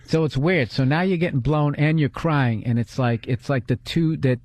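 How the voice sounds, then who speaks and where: A man's voice: fairly high pitch, moderate pace, darkish tone. A man hosting a comedy podcast in casual chat, telling crude, rambling stories full of restarts.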